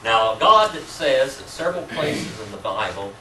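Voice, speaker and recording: A man's voice: mid-range voice, very animated, a little slow. A man teaching a church Bible class, asking the class questions and chuckling between points. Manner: asks the class questions, chuckles often, warm teasing. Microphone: room mic from a distance. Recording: roomy distant amateur recording with faint hiss.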